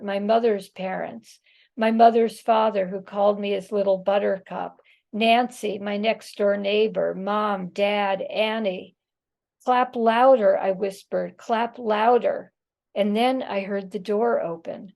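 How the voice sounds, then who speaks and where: Slow, gravelly woman reading her prose. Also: mid-range voice. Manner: measured, expressive reading. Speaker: author.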